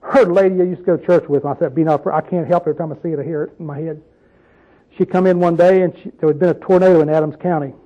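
High-voiced man teaching the Bible. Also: steady tone, very fast, dull audio. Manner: conversational, asks the audience questions, tells folksy asides. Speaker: preacher.

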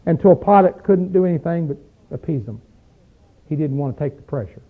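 Male preacher, high-pitched and folksy, asks the room rhetorical questions. Thin phone-like recording. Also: lively intonation. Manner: rises into loud, drawn-out chanting when acting out crowds in the text. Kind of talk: conversational sermon with scripture reading.

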